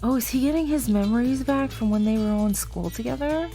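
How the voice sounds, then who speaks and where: Young woman gamer rambling about the story, mellow kinda high voice, quiet game music behind. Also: fairly quick. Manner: rambling and emotional, many fillers and sighs. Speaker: gaming channel host. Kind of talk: casual game commentary.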